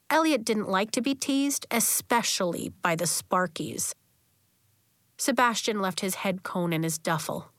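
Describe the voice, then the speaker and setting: A woman narrates a children's novel with an expressive, storytelling lilt. Her voice sits at a middling pitch and is recorded close to the mic, dry with no room echo. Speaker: audiobook narrator.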